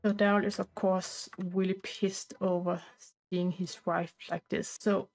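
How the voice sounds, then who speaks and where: A woman's voice: fairly low pitch, level tone, measured pace, a little mellow, low-quality recording. Chatty woman narrating a game. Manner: rambling, talkative, loose informal grammar. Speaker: gameplay narrator. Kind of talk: casual life-sim playthrough commentary.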